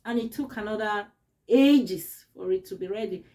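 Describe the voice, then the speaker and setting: A woman vlogger telling a personal story to camera in an expressive, earnest, emotional way. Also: mid-range voice, moderate pace.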